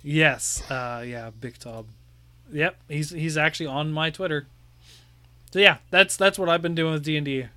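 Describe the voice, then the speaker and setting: A man's voice: a little high, moderate pace, bright, forceful tone, smooth. A young man co-hosting a podcast, chatting loosely with many fillers and laughs. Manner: rambling, laughing, full of fillers. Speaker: podcast co-host. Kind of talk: casual chat.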